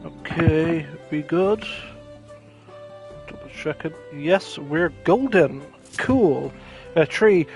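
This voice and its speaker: Man, high voice, game streamer, playful rambling commentary, faint music behind. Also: lively intonation, slow, pauses often, darkish tone. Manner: playful, jokey, rambling with fillers. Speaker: streamer and host. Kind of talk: casual gameplay commentary.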